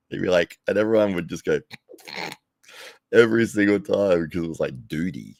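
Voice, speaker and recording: Aussie bloke with a real low voice rambling on a livestream, laughs a lot, dry close mic. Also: male voice, unhurried, gravelly, long pauses, dry recording. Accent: Australian. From Australia. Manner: rambling, laughs often, self-correcting. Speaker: livestream commentary host. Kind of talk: casual chat to live viewers. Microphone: desk microphone, no headphones.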